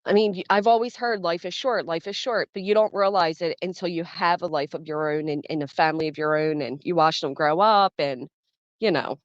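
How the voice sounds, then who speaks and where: A woman's voice: on the low side, brisk, dry recording. A woman in her thirties hosting a casual livestream, chatting and greeting viewers by name as she reads the chat. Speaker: livestream host. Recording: dull dry sound.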